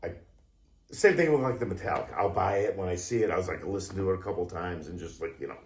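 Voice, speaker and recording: A man guesting in a casual chat who talks haltingly, trailing off and restarting. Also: sits low. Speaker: guest musician. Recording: roomy echo.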